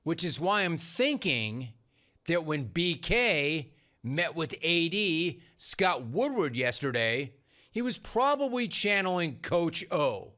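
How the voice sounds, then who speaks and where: A man's voice: fairly high pitch, big pitch swings, slow, bright, forceful tone. A man hosting a sports talk show, delivering a punchy, sarcastic monologue full of rhetorical questions.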